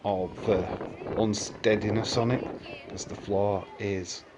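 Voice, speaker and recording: A vlogger touring a film studio casually narrates a walk through outdoor and indoor sets, rambling with fillers and restarts and chuckling often. His fairly low voice is slow with fairly even intonation, caught on a handheld camera mic with background noise.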